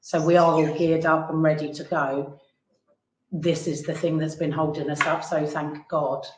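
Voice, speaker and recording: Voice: medium pitch, little pitch movement, moderate pace, background noise. A councillor speaking earnestly in a meeting, explaining progress. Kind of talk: meeting discussion. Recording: echoey room.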